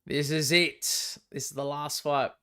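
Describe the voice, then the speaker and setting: A young Australian man hosting a live fight watch-along, chatty and excitable, swearing freely as he reacts. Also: fairly high pitch, measured pace, clean tone. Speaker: livestream fight companion host.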